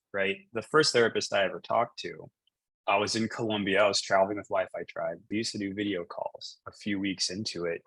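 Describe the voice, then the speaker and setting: A man in his thirties talks through a personal story as a coach, looping back with fillers and restarts. His voice sits on the low side with a husky, slightly breathy edge. The sound is dry and close, with little room around it. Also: fairly bright tone, no echo, low-quality recording. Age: 30s. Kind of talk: casual coaching conversation.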